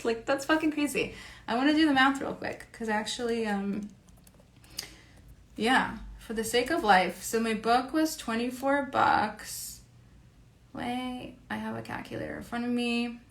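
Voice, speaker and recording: A woman's voice: fairly high pitch, vocal fry, fairly bright tone. A woman creator talking in a casual monologue, rambling, swearing freely and saying "like" constantly. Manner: rambling and profane, heavy use of "like". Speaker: online creator and educator.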